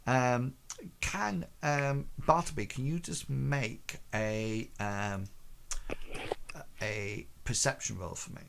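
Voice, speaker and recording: Male game master for a streamed tabletop game, mid-pitched, halting narration full of ums. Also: gravelly, a bit bright, slight background noise.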